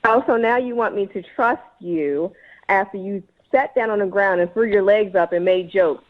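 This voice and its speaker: A woman's voice: medium pitch, normal speed. A woman calling in to a radio show, indignant and exasperated, talking dramatically about a bad date. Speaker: caller. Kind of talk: emotional phone call. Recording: lo-fi phone line.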